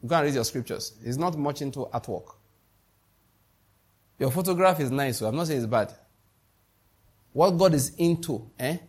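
At a normal speed but with frequent pauses, a middle-aged Nigerian-accented pastor preaches in a mid-range voice with a breathy edge. He's emphatic, repeats lines, and asks the congregation whether they follow.

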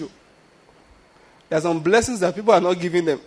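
A man's voice: high-pitched, fairly quick, breathy edge. A man preaching a sermon in a loose, conversational way, often asking the congregation whether they follow him and restarting his sentences. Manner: conversational preaching, frequent rhetorical questions and restarts. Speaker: pastor.

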